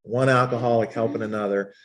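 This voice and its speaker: A man telling his recovery story to a group, animated and jumping into high voices when he quotes people. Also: fast, a little hiss or hum. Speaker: speaker sharing at a recovery meeting.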